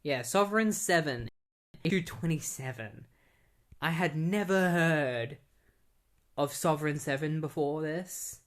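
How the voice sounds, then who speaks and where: A man's voice: on the high side, unhurried. A young man casually recapping and reviewing a comic book in a rambling, conversational way.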